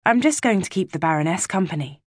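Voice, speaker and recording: A woman voicing a gentle, patient older sister, a girl nearing womanhood, in a storybook reading. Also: fairly low pitch, expressive, fast, dry recording, studio quality. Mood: soothing. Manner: soothing and patient.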